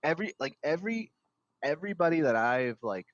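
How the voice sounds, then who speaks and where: A man's voice: a little high, sing-song, fairly quick, no echo. A man co-hosting a podcast in casual banter, rambling with lots of filler words and swearing. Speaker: podcast co-host. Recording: dull lo-fi dry sound.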